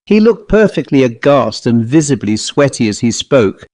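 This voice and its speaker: A man's voice: mid-range voice, big pitch swings, normal speed, few pauses, darkish tone, dry recording. Man reading a suspenseful ghost story. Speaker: author and reader. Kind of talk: first-person scripted narration.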